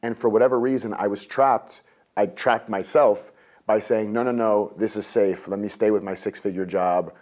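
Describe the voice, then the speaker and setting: Acting out his own past rants, a guest in his thirties tells an interview story with lively humor. His voice sits on the low side, and he speaks at a moderate pace.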